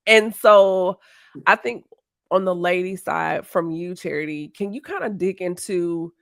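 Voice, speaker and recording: A woman hosting a casual interview, reacting eagerly and asking her guest questions. Her voice is somewhat low. It was recorded dry, close to the mic. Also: a little slow, gravelly, fairly bright tone, no room sound. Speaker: host.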